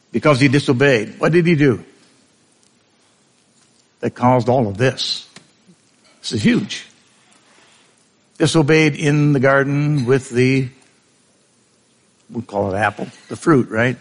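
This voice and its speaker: A man's voice: mid-range voice, takes it slowly, pauses often, husky. Man preaching in a conversational way. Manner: conversational, asks the congregation questions. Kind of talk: sermon.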